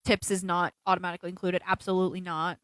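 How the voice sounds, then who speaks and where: A woman co-hosting a casual podcast, telling stories in an animated way and quoting people as she goes. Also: on the low side, rapid-fire, no echo. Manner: animated storytelling, quotes people in put-on voices. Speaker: podcast co-host. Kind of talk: casual chat on a livestreamed podcast.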